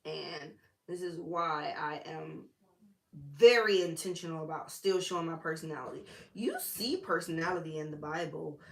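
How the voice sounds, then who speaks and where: A woman's voice: low-pitched, normal speed, vocal fry, reverberant. A woman preacher, teaching the Bible in a casual, chatty way with sassy asides.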